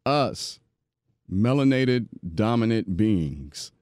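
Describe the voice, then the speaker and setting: A man hosting a podcast, talking in an animated, preachy way and often repeating himself. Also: fairly low pitch, very slow, dry recording, clean studio sound. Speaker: podcast host. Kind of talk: casual podcast interview.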